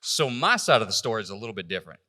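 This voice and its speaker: Man, bright tense voice, halting emotional testimony, stumbling restarts. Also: fairly low pitch, big pitch swings, big-room sound. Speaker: church member giving testimony. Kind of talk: personal testimony.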